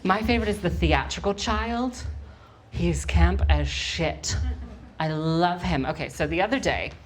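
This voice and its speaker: A young woman performing a stand-up comedy set on a live stage, with quick, wry, deadpan delivery. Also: lowish voice, slight background noise.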